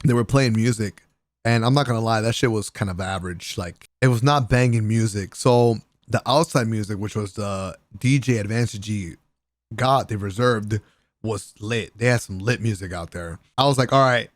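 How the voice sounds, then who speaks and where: A gaming content creator telling a casual vlog story about a party, excitable and profane, often laughing and using slang. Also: male voice, fairly low pitch, moderate pace, dry recording, studio quality.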